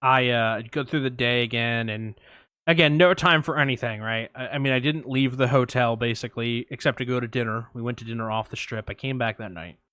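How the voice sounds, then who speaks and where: A young man co-hosting a podcast, telling a long story in casual chat, animated, acting out quotes and swearing freely. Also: medium pitch, fairly quick, clean tone, no room sound, studio quality. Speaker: podcast co-host.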